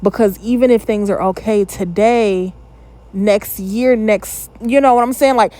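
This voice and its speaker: A woman's voice: medium pitch, measured pace, dark tone. A woman in her thirties hosting her own channel, giving casual, candid reaction commentary with plenty of opinionated asides. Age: 30s.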